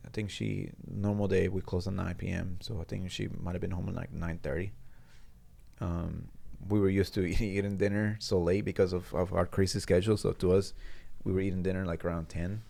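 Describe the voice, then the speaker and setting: A man, a guest in a studio interview, retelling a personal story in a halting, earnest way with frequent restarts. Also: low-pitched, flat delivery, creaky, dark tone.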